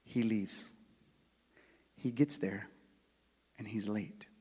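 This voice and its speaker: Male speaker giving a religious talk, husky, moving from loud calls to hushed asides, in a long-reverb hall. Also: lowish voice, extremely slow. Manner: swings from loud calls to hushed near-whispers; acts out both sides of a story. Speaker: speaker at an Islamic center.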